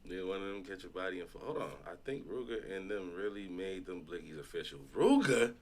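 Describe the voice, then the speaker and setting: A man's voice: sits low, lively intonation, brisk, a little hiss or hum. A man from Chicago reacting to videos on stream, talking loosely and profanely with frequent restarts. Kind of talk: casual reaction stream chat.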